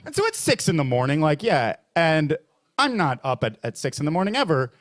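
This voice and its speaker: A man emceeing a comedy open mic in a bar, with a fairly high voice that swings widely up and down. He rambles through his set with plenty of fillers and restarts, then dips low for pompous impressions and jumps high for mock outrage. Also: big pitch swings, fairly quick. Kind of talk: stand-up comedy.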